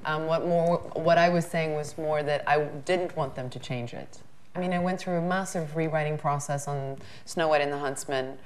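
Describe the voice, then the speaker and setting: A woman's voice: low-pitched, normal speed. A woman from South Africa with a light South African accent, chatting candidly as a guest in an onstage question-and-answer, often restarting her sentences. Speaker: interview guest.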